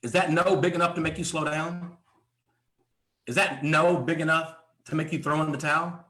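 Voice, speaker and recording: A man giving a motivational sales training talk at a live event. He speaks emphatically, asks many rhetorical questions and often clears his throat. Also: fairly high pitch, steady tone, moderate pace, bright, forceful tone, roomy sound.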